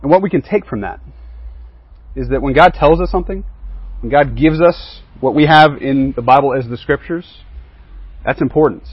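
A man with a husky, breathy voice teaches a Bible lesson to a group, often checking in with "right?" along the way. The sound is dry and close, with no room echo, but a little dull and muffled. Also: medium pitch. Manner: keeps asking the group questions and checking in with "right?" and "okay?".

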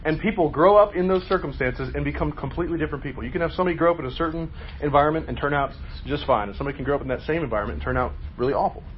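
A man's voice: a little high, racing, hardly any pauses. Man, Bible study leader, conversational questioning, faint background hum, muffled sound. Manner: asks questions, conversational, emphatic. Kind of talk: group Bible lesson.

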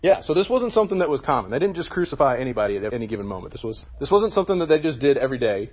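A man's voice: mid-range voice, big pitch swings, racing, slightly rough, lo-fi sound. A man leading a casual Bible lesson for a youth group, talking to them with frequent "okay?" check-ins.

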